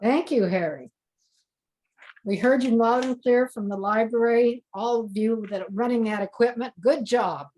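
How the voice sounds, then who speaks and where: An older woman moderating a poetry reading, introducing the poets slowly and graciously before presenting her own poem. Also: a little high, a little mellow, poor audio. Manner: slow, gracious and deliberate. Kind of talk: introducing readers.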